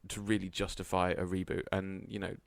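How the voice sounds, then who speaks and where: A man's voice: sits low, little pitch movement, fairly quick, gravelly, no room sound. A young man in his twenties co-hosting a podcast, chatting casually and plainly about a film. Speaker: podcast co-host. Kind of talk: casual film review chat.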